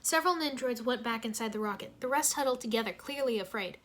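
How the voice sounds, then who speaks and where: A woman reading a story aloud in a lively, expressive way. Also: on the high side, brisk.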